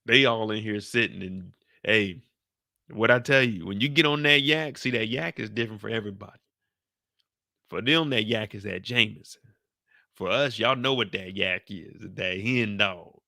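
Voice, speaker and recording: A man riffs through a casual after-show commentary, joking and slangy. His voice is gravelly and bright with a forceful edge, and it sounds close and dry. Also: fairly low pitch, normal speed, dry recording.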